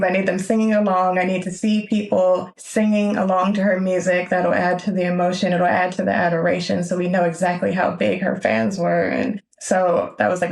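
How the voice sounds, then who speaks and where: A woman's voice: on the low side, vocal fry. A woman film editor from Los Angeles, chatting animatedly in an interview, often laughing and acting out what people said. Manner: animated, laughs often, acts out quoted lines. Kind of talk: casual interview chat.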